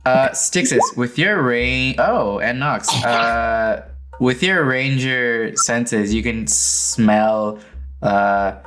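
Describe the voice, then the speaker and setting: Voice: mid-range voice, very slow. Rambling gm describing the scene, lots of ums, music in the back. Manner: rambling, full of fillers and restarts. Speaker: game master. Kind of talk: narrating a tabletop game.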